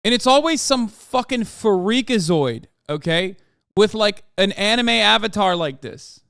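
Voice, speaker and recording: An exasperated man rants on a livestream, cursing and stressing each point with a demanding "okay?". His voice sits high and comes through smooth and clear. The sound is close and dry, with no room around it. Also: animated, unhurried, a bit bright, no echo. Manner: exasperated, profane, emphatic, repeats "okay?". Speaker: streamer reacting to posts. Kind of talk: casual livestream rant.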